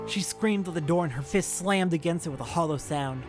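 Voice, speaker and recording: A let's play narrator reading a visual novel aloud with expressive commentary and reactions. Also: mid-range voice, a little fast, few pauses, soft background music. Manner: expressive, reacts with swearing and sympathy.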